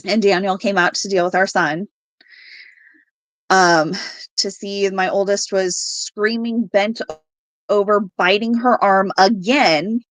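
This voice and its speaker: A woman's voice: mid-range voice, fairly even intonation, no echo. Woman telling a painful family story, dry sound. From Alaska. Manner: halting, with fillers and quoted dialogue. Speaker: guest telling her story. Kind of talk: personal story told on a podcast.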